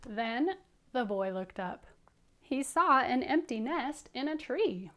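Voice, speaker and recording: A woman teacher reading a picture book aloud to young children, animated, dropping into hushed whispered asides. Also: sits high, slow, slight background noise.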